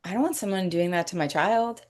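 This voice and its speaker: A woman hosting a podcast, talking slowly and reflectively in a casual faith-based conversation, pausing to search for words. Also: fairly low pitch. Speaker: podcast host.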